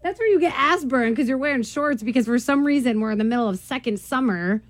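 A woman's voice: fairly high pitch, brisk, no echo. A woman from New Jersey hosting a radio morning show, brash and joking, with frequent laughter. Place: radio studio. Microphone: studio mic.

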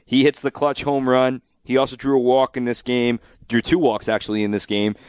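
A man's voice: mid-range voice, brisk, clear, resonant tone, no room sound. Man hosting sports talk radio. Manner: conversational, steady and direct. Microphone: studio microphone.

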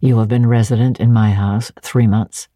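A woman voicing a gruff brooding gentleman. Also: rumbling low, fairly even intonation, normal speed, no room sound, clean studio sound, voice pushed down. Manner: gruff, curt.

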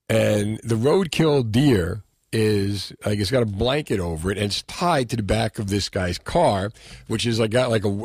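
A man's voice: medium pitch, dry recording. A man hosting a nighttime radio talk show, chatting loosely and rambling with lots of filler words from a studio microphone. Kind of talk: casual radio chat.

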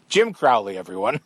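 A man's voice: fairly low pitch, no room sound. A man hosting a casual outdoors radio talk show, joking and chatting with guests. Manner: jokey, animated, quick asides.

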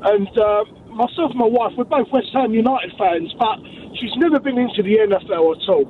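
Excited British man on a phone line. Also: high voice, fairly quick. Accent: British English. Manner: excited, chatty storytelling. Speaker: caller. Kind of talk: phone-in call. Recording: tinny phone line with faint noise.

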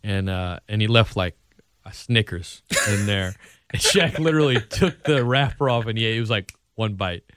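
Animated sports radio man. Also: on the low side, moderate pace. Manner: animated, repeats himself, laughs often. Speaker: radio sports talk host. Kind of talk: casual sports radio chat.

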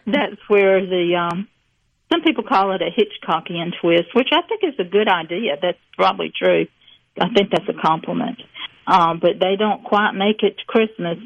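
A woman's voice: mid-range voice, normal speed, no echo, lo-fi sound. An older woman from rural Mississippi with a Southern accent, chatting as an author guest in a rambling, folksy way with frequent laughs. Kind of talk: casual interview chat.

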